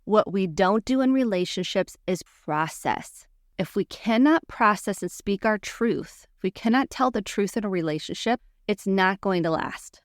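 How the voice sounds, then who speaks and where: A woman's voice: mid-range voice, animated, moderate pace, no echo. A woman therapist talks straight to her podcast listeners, coaching them earnestly and acting out the phrases she wants them to use. Her voice sits mid-range and is recorded close on the mic, with a dry, dead sound and no room around it. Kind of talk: teaching podcast monologue.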